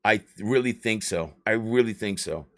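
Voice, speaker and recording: A man, chatting on a live stream in an excitable, rambling way and swearing often. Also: fairly low pitch, moderate pace. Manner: animated, excitable ranting with swearing.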